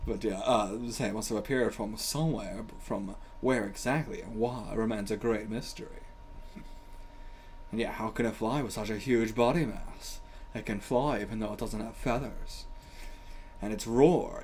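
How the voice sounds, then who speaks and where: A man hosting a casual manga reaction, excitable and loose-tongued, swearing freely and laughing often as he comments. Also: on the low side, moderate pace, a little hiss or hum.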